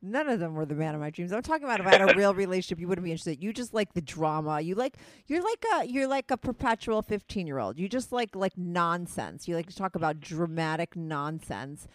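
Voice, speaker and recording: A woman with a lowish, expressive voice talks briskly with few pauses. Hosting a casual podcast conversation over the phone with her co-host, she sounds like she's from New Jersey or New York, and she's blunt, chatty, and quick to swear.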